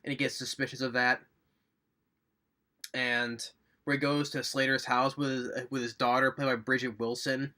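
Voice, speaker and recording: A man's voice: medium pitch, level tone, moderate pace, pauses often, bright, forceful tone. A man giving a casual, rambling movie review, recapping scenes with enthusiasm and little chuckles.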